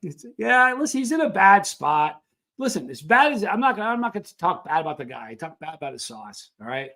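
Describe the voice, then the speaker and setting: A man's voice: sits high, brisk. A man hosting a live chat stream, rambling casually and greeting viewers by name. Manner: rambling, animated, reads out viewer names. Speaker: livestream host.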